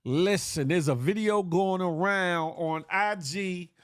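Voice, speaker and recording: A man with a fairly high voice hosts a casual livestream show. He jokes in slang and calls out viewers by name. The sound is dry and close. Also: slow pace, smooth, no echo. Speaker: morning show host.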